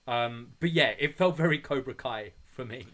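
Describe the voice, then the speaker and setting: A man co-hosting a wrestling podcast, talking it over in casual chat with a relaxed, joking manner. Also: mid-range voice, normal speed. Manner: relaxed, joking back-and-forth.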